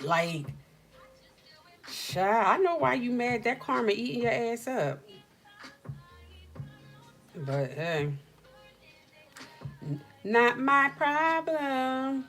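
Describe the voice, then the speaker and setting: A middle-aged woman hosting a casual livestream chat from home, telling stories in an animated, slangy way. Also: a little high, very slow, pauses often, soft background music. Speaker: livestream host.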